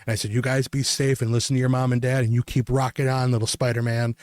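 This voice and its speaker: Male podcast host, casual ranting storyteller, mid pitch, dry close recording. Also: fast talker, no room sound. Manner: storytelling, animated quotes of kids, swears freely.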